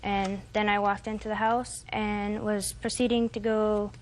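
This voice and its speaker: Woman, 20s, defendant, rambling, hesitant, mid pitch. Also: flat delivery, measured pace, darkish tone, slight background noise. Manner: rambling, hesitant, quoting others. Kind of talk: testimony in court.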